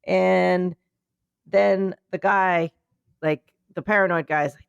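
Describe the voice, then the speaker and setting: A woman's voice: lowish voice, fairly even intonation, takes it slowly, gravelly, clear, resonant tone, no echo. A tired woman co-hosting a podcast in casual comedic chat, rambling playfully and acting out quotes in silly voices. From United States. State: tired and sleepy. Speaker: podcast co-host.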